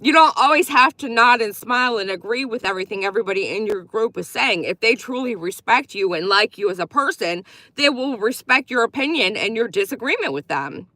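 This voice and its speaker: A woman's voice: on the high side, lively intonation, fairly quick, no room sound. A woman giving blunt, profane, opinionated commentary on a livestream, thanking viewers as she goes. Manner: reacts warmly to viewer gifts.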